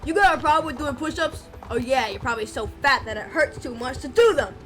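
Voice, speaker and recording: A woman's voice: high-pitched, fast talker. A young woman streamer chatting casually, playful and mock-bossy, swearing and hurling silly insults. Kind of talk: casual chat. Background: music.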